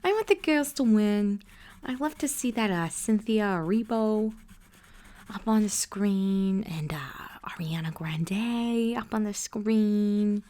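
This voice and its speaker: A woman's voice: medium pitch, expressive, takes it slowly, mellow. A woman doing a whispered role-play as a wild, gossipy, unhinged aunt, rambling and chatty, slipping in and out of a whisper on a close mic. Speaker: ASMR creator.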